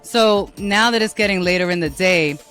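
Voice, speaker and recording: New York woman host, rambling and foul-mouthed, with a bright, forceful voice and faint music underneath. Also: lowish voice, normal speed. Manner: blunt, profane, rambling. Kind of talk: casual monologue.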